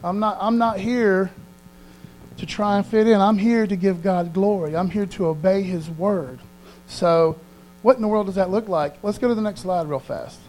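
A man preaching a conversational sermon, reading verses slowly aloud and often checking in with his listeners. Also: high voice, darkish tone, slight background noise, rough recording. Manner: folksy, keeps checking in with the audience; slows down to read verses aloud.

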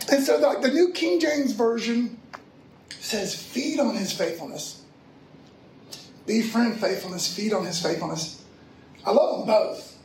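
A man's voice: sits high, measured pace, long pauses, darkish tone, a little hiss or hum. A middle-aged man preaching a sermon, telling a personal story in a loose, slangy, conversational way. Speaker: pastor. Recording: echoey room from far off.

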